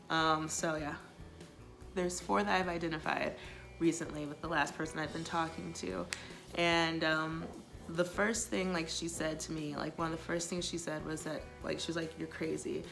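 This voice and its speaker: A woman talks straight to the camera about relationships in a loose, chatty way, with plenty of filler words. Her voice sits low and has a gravelly fry. Faint music plays behind her. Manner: chatty, many filler likes, quotes others in passing. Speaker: vlogger giving relationship advice. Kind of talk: casual talking-to-camera advice.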